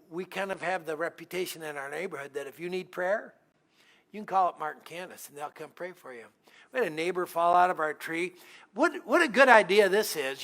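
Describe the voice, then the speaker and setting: A man's voice: high-pitched, pushed and bright. A middle-aged man preaching as a guest pastor in a church, telling humorous, conversational stories. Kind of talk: storytelling sermon.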